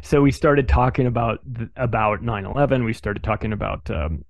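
A man telling a story on a podcast with lively energy, slipping into quick impressions of the people he quotes. His voice sits in an ordinary middle pitch and is recorded dry and close, with almost no room sound around it. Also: vocal fry, no echo, muffled recording. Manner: animated, acts out other people's dialogue. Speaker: podcast guest. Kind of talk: casual conversational storytelling.

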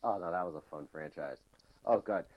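A man's voice: low voice, fairly quick. A man co-hosting a casual podcast, ranting animatedly and swearing a lot. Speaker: podcast co-host. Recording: dull lo-fi audio.

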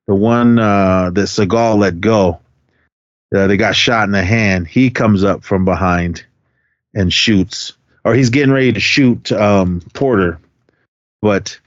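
In dry, dull lo-fi audio, a fairly low-pitched man chats casually as a podcast co-host. He meanders through a movie recap, laughs often, and plugs pauses with "uh."

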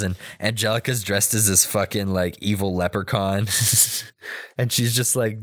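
Man, low voice, loose rambling recap full of fillers and curses, dry close mic. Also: no echo. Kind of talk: casual chat, retelling a cartoon episode.

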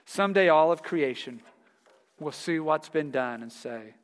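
High-voiced male pastor in a reverberant hall. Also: expressive, a little slow. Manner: storytelling, laughs heartily while telling anecdotes. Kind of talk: sermon.

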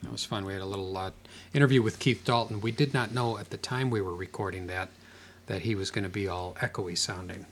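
An easygoing male podcast host with a fairly low voice. He chats casually and laughs easily. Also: fairly even intonation, fairly quick, a little hiss or hum. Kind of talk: casual chat.

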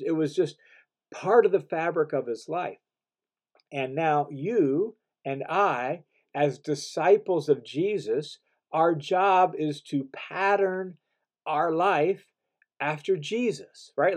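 A man's voice: fairly high pitch, a little mellow, breathy edge. A man preaching a sermon in an earnest, emphatic way, often restarting phrases and building to stressed bursts.

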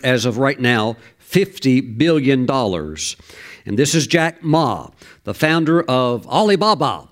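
A man preaching a sermon, reading scripture and acting out the voices of the listeners in animated asides. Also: mid-range voice.

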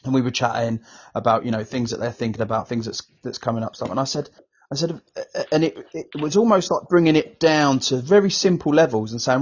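Husky guy telling a story on a podcast, voice goes up and down a lot, dull audio. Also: mid-range voice, brisk. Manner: storytelling, lively, says right a lot. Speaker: podcast co-host. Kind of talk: casual chat.

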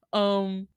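A woman's voice: smooth, no echo, studio quality. Sarcastic young woman recapping a film. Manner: expressive, laughing, sarcastic, acts out quotes in higher voices. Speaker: podcast host reviewing a film. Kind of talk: casual chat, animated retelling.

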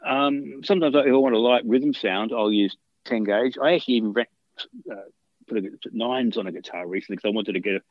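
A man's voice: mid-range voice, fairly quick, no room sound, highs cut off. Rambling man telling guitar stories. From Australia. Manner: rambling anecdotes with many restarts and fillers. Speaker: guitarist guest. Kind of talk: casual interview storytelling.

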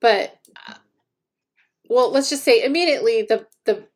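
A woman co-hosting a podcast, talking through a topic casually and thoughtfully, often pausing to restart her sentences. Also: on the high side. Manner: thoughtful, hesitant, with many restarts. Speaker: podcast co-host. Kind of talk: casual discussion.

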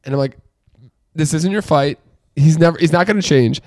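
A man's voice: normal speed, no echo, studio quality. A man co-hosting a podcast, telling a story in a casual ranting way and swearing a lot. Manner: ranting, swears a lot, gets loud and high when worked up. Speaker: podcast co-host. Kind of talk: casual chat.

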